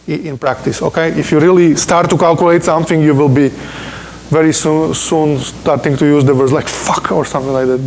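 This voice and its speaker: A fairly high, slightly mellow male voice delivers a university physics lecture in a lecture room, with a little hiss or hum on the recording. He isn't a native English speaker and keeps things informal and jokey, frequently asking "okay?".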